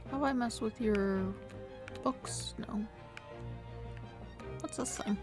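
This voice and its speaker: A woman's voice: a little high, slow pace, darkish tone, faint music behind. A woman streaming a video game, thinking aloud in a hesitant way. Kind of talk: let's play commentary.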